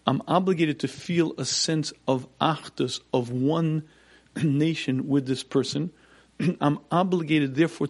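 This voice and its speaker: A man giving a Torah lecture as a rabbi, clearing his throat often and repeating points for emphasis. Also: a little high, a little mellow.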